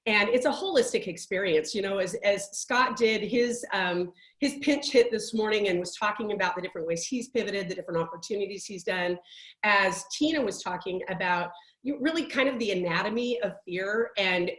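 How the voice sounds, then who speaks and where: A woman life coach giving a conversational workshop talk, telling stories in a chatty, animated way with many restarts. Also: medium pitch, brisk, roomy sound.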